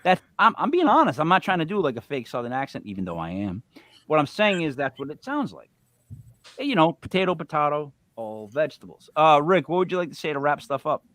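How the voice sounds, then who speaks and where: A man's voice: on the high side, very animated, fairly quick, fairly bright tone, no room sound. A man hosting a casual chat show, joking and rambling with a Northeastern accent. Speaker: podcast host.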